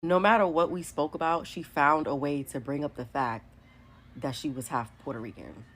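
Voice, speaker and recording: A woman's voice: low voice, moderate pace. A woman, telling a candid storytime to her phone camera, full of likes and whatevers. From New York City. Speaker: vlogger. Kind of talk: casual storytime monologue.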